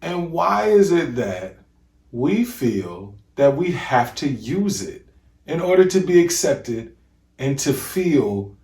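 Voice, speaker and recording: A man hosting a podcast in casual, animated commentary, mocking and acting out voices. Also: on the high side, takes it slowly, reverberant. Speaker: podcast host.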